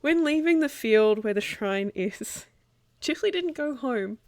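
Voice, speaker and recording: A woman's voice: fairly high pitch, animated, a little slow, no echo, studio quality. A woman playing a tabletop game, cheerful and often laughing as she describes her character's actions. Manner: cheerful, giggly. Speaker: player.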